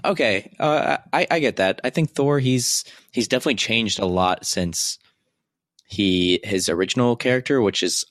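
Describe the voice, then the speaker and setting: A young man with a low, deep voice chats hesitantly about a movie, stopping often to search for words. His voice is recorded dry, with no room sound. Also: fairly bright tone, no room sound. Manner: hesitant, halting, frequent fillers. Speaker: podcast co-host. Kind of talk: casual movie review chat.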